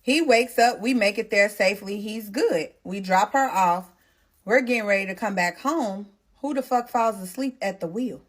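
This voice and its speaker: A young woman tells her story straight to camera in a casual, chatty way. She is blunt and animated, and she swears and uses slang freely. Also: mid-range voice, moderate pace. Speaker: storytime vlogger.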